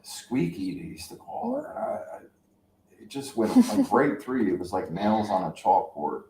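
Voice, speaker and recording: Low-voiced rambling man in his fifties. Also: huge pitch swings, normal speed, warm tone, a little hiss or hum. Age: 50s. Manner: rambling, anecdotal storytelling. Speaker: channel host. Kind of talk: casual chat. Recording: echoey room.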